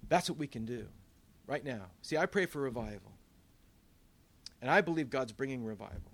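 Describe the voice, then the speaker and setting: A man, a pastor, preaching a sermon in a conversational way, with asides and quick backtracks. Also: mid-range voice, expressive.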